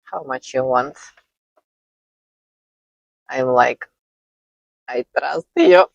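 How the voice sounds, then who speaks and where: A woman speaking English as a second language tells a personal story in a slow, halting way, often laughing between phrases. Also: sits low, no room sound, poor audio. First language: not English. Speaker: vlogger.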